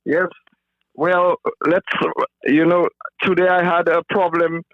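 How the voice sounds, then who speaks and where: A man's voice: a little high, flat delivery, slow pace, dry recording, phone-quality sound. Hesitant Saint Lucian man calling in. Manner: hesitant, repeats words. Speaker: caller. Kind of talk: phone-in political complaint.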